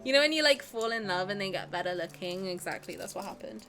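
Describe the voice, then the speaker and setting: A woman's voice: mid-range voice, animated, fast talker, a bit bright. A young woman streaming a game, chatting casually and rambling to her chat with giggles.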